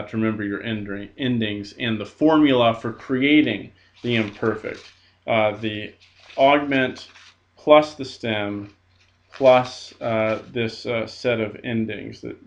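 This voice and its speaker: A man's voice: on the low side, fairly even intonation, unhurried, gravelly. A man teaching a recorded language lesson, patient and methodical with frequent fillers. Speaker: Greek teacher. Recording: dull lo-fi recording.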